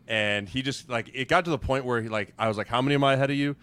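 A man, a former pro football player, telling relaxed, chuckling stories in a casual podcast chat. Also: mid-range voice, rapid-fire, clear, resonant tone. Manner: laid-back storyteller, chuckles through his tales.

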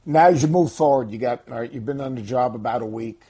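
A man's voice: mid-range voice, fast, warm tone, husky. A man hosting a sports radio show, asking rambling, conversational questions.

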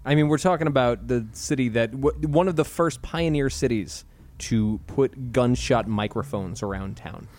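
A man's voice: medium pitch, normal speed, darkish tone. A man co-hosting a podcast in casual banter, blunt, sarcastic and full of swearing. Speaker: podcast co-host.

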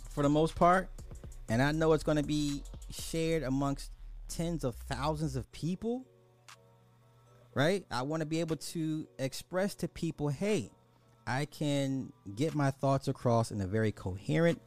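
A man's voice: fairly high pitch, darkish tone. A man hosting a podcast, giving blunt, exasperated casual commentary, often restarting his sentences. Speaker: podcast host.

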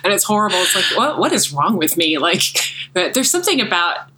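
An American woman chatting casually on a podcast, rambling a bit and laughing at herself. Her voice is fairly low-pitched yet bright and forward. A faint hum sits under the recording. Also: very animated, a little fast, poor audio. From United States. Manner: rambling, self-deprecating, laughs often. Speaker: MMA commentator and podcast co-host.

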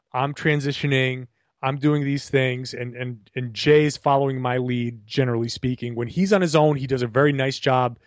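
A man co-hosts a casual podcast conversation from a remote call, talking animatedly in long, rambling turns full of restarts. His voice sits in the mid range, and the recording is dry with clean studio sound.

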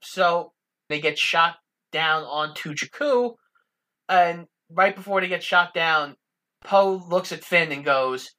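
Bright-voiced woman summarizing a plot. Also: lowish voice, takes it slowly. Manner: steady, matter-of-fact plot summarizing. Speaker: podcast co-host. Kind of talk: casual film recap, plot narration.

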